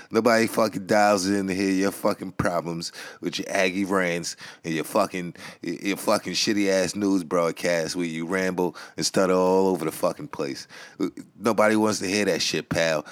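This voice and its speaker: A man's voice: low voice, no room sound. A middle-aged man hosting a podcast, delivering a crude, mocking rant full of insults and sometimes mimicking callers in a whiny tone. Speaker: podcast host. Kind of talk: profane comedic rant.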